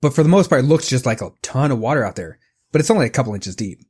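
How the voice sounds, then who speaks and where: Male co-host, casual banter, animated storyteller, bouncy intonation, 30s. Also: medium pitch, rapid-fire, breathy edge. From California. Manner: animated storyteller, laughs often. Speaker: podcast co-host.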